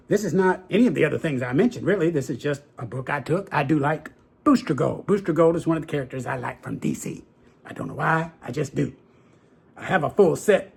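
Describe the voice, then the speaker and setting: A middle-aged man chats casually and eagerly as he unboxes his graded collection, repeating his favorite phrases. His voice sits a bit high, with a gravelly, husky edge. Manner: enthusiastic and folksy, repeats "very cool" and "that's right". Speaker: comic book collector and video host.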